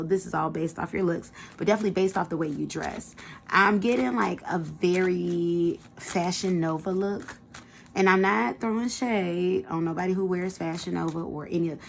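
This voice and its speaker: Gravelly-voiced casual woman tarot reader. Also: fairly low pitch, slight background noise. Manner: chatty, colloquial, addresses viewers directly. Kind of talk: casual pick-a-card tarot reading.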